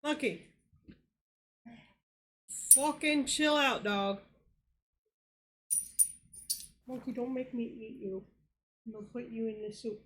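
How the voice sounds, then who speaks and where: Loud, shouty woman streamer. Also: on the high side, unhurried, long pauses, slightly rough. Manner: loud, shouty and playfully crude. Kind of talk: live game stream commentary.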